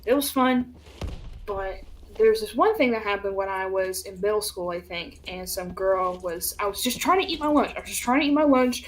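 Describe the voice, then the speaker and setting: A young woman streamer telling stories in casual chat, animated and laughing, swearing freely and acting out what people said. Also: mid-range voice, moderate pace, slight background noise.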